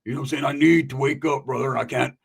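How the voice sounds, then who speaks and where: Brief: man doing a broke, whiny pal, gravelly and hurried. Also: mid-range voice, steady tone. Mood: pleading. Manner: whiny, keeps calling the listener brother.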